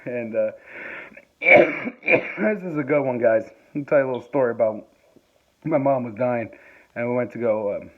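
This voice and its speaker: A man's voice: medium pitch, moderate pace, pauses often. A man vlogging from home during a power outage, telling a rambling story into his phone, chuckling and swearing as he goes. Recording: tinny phone-like sound.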